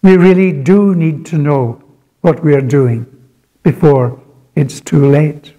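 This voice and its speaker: Male preacher, slightly high, soft-toned voice, slow and earnest delivery. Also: lo-fi sound. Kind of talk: sermon.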